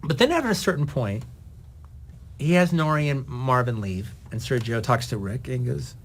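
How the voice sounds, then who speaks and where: A man, a film director being interviewed, telling a long anecdote with lively delivery. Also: medium pitch, moderate pace, soft background music. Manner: lively, acts out dialogue in the retelling. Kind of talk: animated anecdotal storytelling.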